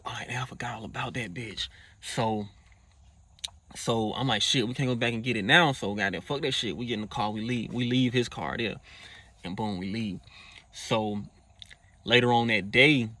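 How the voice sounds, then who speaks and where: A man's voice: mid-range voice, moderate pace, pauses often, sharp tone. Man telling a street story, profane slang. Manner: profane slang-heavy talk; acts out quoted lines in a raised voice. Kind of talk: casual personal storytelling.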